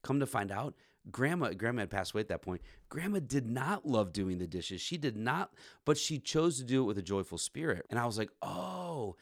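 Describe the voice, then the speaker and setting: A man's voice: mid-range voice, big pitch swings, a little fast, no echo, clean studio sound. A man in his forties hosting a podcast, telling a candid story about his marriage in a self-deprecating way. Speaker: podcast host. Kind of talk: candid conversation.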